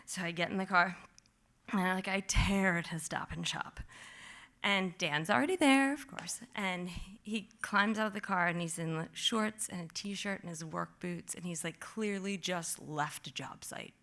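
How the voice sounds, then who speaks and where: A woman tells a true story live on stage in a bright, clear voice. She talks in an animated rush, full of "like", and throws herself into the moments she relives. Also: lowish voice, moderate pace. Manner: animated, vivid, heavy use of "like"; acts out her own past panic in quotes.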